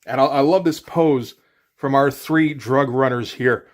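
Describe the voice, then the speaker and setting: A man talks through a comic book page by page in a loose, wry manner. He rambles and fills his pauses with "like" and "uh" without ever sounding rushed. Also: mid-range voice. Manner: wry, rambling, frequent fillers. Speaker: comic reviewer. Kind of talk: casual comic commentary.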